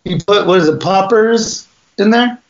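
A man's voice: sits high, measured pace, crowd noise. A man co-hosting a casual comedy podcast, telling profane stories and acting out the people in them. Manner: profane storyteller, acts out people in bursts. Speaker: podcast co-host. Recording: dull lo-fi sound.

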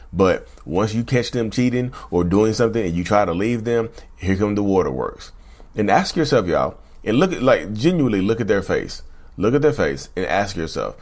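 Male host, deep voice, casual to-camera chat, repetitive and folksy. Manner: conversational, repeats himself, addresses viewers as y'all. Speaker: channel host.

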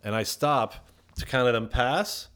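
A man from Belgium, a musician guest on a podcast, telling stories in an animated, profane, casual way. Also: mid-range voice, moderate pace, clear, resonant tone. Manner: animated, profane, heated when retelling. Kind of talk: casual storytelling chat.

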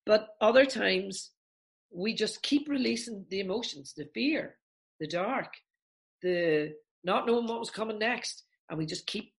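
A woman therapist walks through her technique with lively, hands-on explanation, slipping into little acted-out voices to make her point. Her voice sits in an ordinary middle pitch and she talks in a plain conversational way. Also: a little slow. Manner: animated, acts out examples in voices. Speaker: therapist guest.

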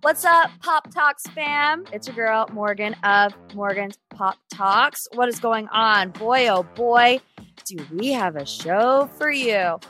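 A woman's voice: fairly high pitch, slow pace, bright, forceful tone, soft background music. A woman in her twenties hosting a casual pop culture podcast, chatty and opinionated. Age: 20s. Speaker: podcast host.

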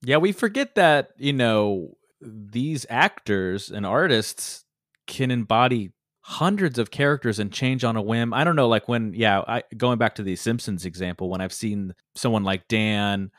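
A man's voice: on the low side, animated, measured pace, fairly bright tone, no room sound, clean studio sound. A man hosting a casual podcast chat, easygoing, prompting his guest with questions. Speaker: podcast host.

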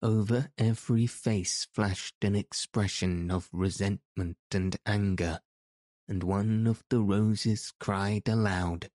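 An audiobook narrator, a man with a low, mellow voice, reads a storybook slowly and deliberately in a steady, measured way. The recording is close and dry, with no room sound at all.

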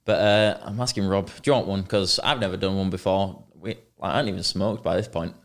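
A man's voice: sits low, fairly even intonation, fairly quick. A young man telling a rambling, sweary story in casual chat as a podcast co-host.

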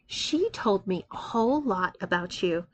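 A woman's voice: mid-range voice, lively intonation, unhurried, slight background noise, lightly acted. A woman voicing a bold, domineering young female college student who talks in a confident, taunting, commanding way.

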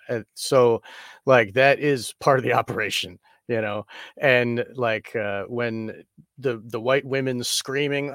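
A man's voice: medium pitch, dry recording. Male podcast voice, dead-dry recording, meandering delivery. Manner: rambling, hedging with "you know" and "like". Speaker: podcast co-host. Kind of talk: film discussion podcast.

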